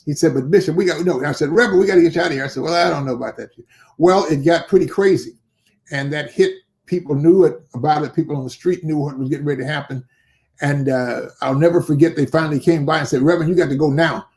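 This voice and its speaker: A man's voice: fairly high pitch, fast talker. An older man, a bishop and pastor, telling a story in an interview and acting out the dialogue of the people in it. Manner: animated storyteller who acts out quoted dialogue.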